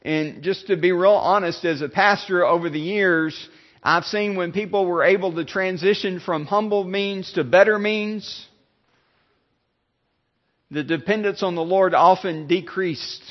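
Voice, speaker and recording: A male pastor giving a sermon, halting, with many fillers and restarts. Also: high voice, lo-fi sound.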